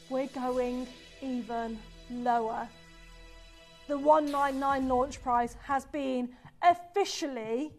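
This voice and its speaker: A woman presenting on a shopping channel, pitching jewellery live with enthusiasm and reading out viewer messages. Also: darkish tone.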